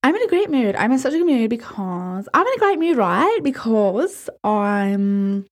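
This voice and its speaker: A Scottish woman hosting a podcast, chatting in a bubbly, rambling, excitable way. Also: fairly high pitch, moderate pace. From Scotland. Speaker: podcast host. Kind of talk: casual chat.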